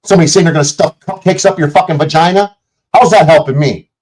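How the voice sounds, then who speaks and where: A man's voice: a little high, quick pace, poor audio. A man on a livestream, delivering an angry, profanity-laden rant aimed at commenters and critics. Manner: profane, combative, shouting at chat. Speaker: streamer. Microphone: streaming setup mic.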